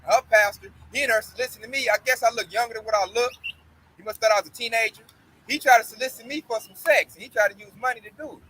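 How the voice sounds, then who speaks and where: A young man preaching outdoors, telling a blunt, profane, animated testimony story. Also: extremely high pitch, fast talker, a little hiss or hum, low-quality recording.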